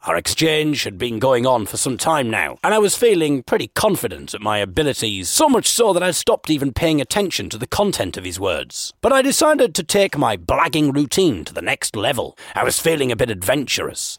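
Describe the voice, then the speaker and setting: A man's voice: medium pitch, huge pitch swings, fairly quick, few pauses, no echo, studio quality. A man and podcast host giving wry, self-mocking scripted comic narration.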